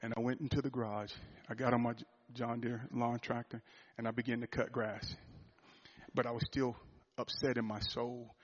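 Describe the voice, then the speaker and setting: A man preaching a sermon, telling a personal story, swinging from loud, rising fervor to a hushed, quiet confession. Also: mid-range voice, flat delivery, moderate pace, breathy edge, lo-fi sound. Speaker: pastor.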